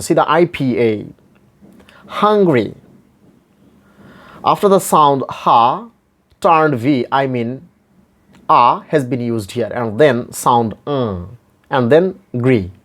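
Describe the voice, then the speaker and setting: Male teacher, very slow and deliberate, repeats each example word several times. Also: mid-range voice, animated. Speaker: English phonetics teacher. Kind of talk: slow pronunciation lesson.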